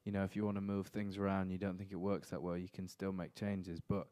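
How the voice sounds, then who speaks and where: A young man answering questions at a press conference, thoughtful and measured, his sentences trailing off softly. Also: deep voice, little pitch movement.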